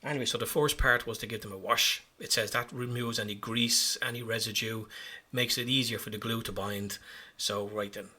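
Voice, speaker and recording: A man with a very bright, forceful tone and a husky edge narrates his own hobby work. He rambles along casually and pokes fun at his own mistakes. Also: on the low side, steady tone, moderate pace. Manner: chatty, self-mocking, rambling. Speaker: hobby vlogger.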